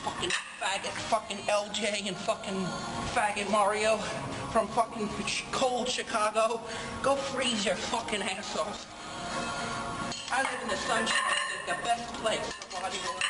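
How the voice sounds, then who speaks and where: A man in a gym ranting profanely into the camera, trash-talking and shouting between lifts. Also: high-pitched, steady tone, unhurried, low-quality recording. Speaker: gym streamer. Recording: loud music behind voice.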